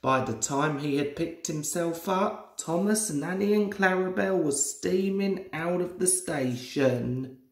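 A young man in his twenties reading a children's storybook aloud as a storyteller. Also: on the high side. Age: 20s. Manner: slow, lively storybook reading. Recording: roomy echoey room.

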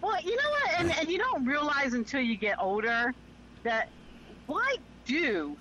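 A woman's voice: high-pitched, sing-song, a little slow, sharp tone, dull audio, slight background noise. A woman co-hosting a casual talk show, reacting to stories in a frank, blunt way. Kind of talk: casual chat.

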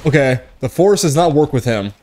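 A man's voice: fairly high pitch, expressive, brisk, a little mellow. A young man giving casual, profane gameplay commentary, joking and tipsy from whiskey, with sudden outbursts at the game. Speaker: gaming streamer.

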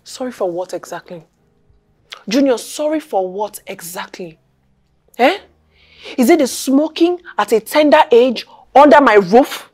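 Playing a stern middle-aged mother, an actress with a Nigerian accent scolds her son in a film drama scene, firing insistent, repeated questions in an indignant mood. Her fairly high, expressive voice moves at a measured pace with a slightly mellow quality, over soft background music.

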